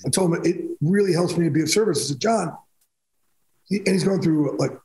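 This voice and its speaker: A man's voice: on the high side, brisk, a little mellow, reverberant, poor audio. A man telling personal stories as a podcast guest, emphatic and rambling, restarting sentences often. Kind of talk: candid storytelling in a podcast interview.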